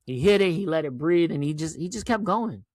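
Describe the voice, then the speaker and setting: Forty-something male host, fairly high lively voice, profane and emphatic casual talk. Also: fairly quick, no room sound, clean studio sound. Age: 40s. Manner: animated, profane, emphatic with rhetorical "right?". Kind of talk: casual commentary monologue.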